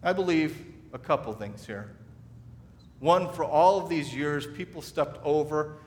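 A man delivers a sermon with a fairly high-pitched voice. He talks the way people talk when telling a story, stumbling and restarting his phrases. His words ring out with the long reverb of a big church hall. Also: measured pace. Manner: conversational storytelling with repeated restarts. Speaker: pastor.

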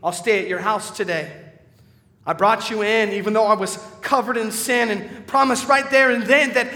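Man reciting as repentant tax collector, rhythmic emphatic verse, high voice, echoey hall. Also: normal speed, bright, forceful tone. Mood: earnest. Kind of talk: dramatic poem recital.

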